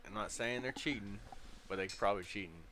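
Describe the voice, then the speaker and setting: A man co-hosting a casual podcast chat, blunt and profane, talking excitedly. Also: fairly low pitch, fairly quick, noisy background. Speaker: podcast co-host.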